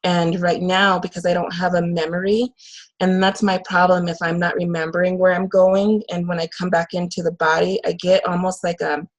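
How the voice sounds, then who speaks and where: A woman working as a medium, talking in a casual, earnest and halting way with frequent fillers. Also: lowish voice, level tone, rough recording. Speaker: channeling medium. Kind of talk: casual conversation.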